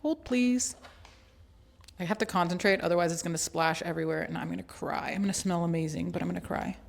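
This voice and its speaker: A woman with a slightly low-pitched voice talks through her travel bag as a beauty vlogger. She keeps it casual and chatty, tossing in playful, self-mocking jokes as she goes. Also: steady tone, racing, creaky, a little hiss or hum. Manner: playful and chatty, with joking asides. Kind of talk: casual chatty product walkthrough.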